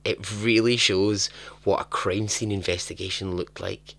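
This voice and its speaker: A man's voice: on the low side, steady tone, measured pace, pushed and bright. A man hosting a storytelling podcast, narrating in a chatty, dramatic way with joking asides. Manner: chatty, dramatic, laughs at his own asides. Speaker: podcast host.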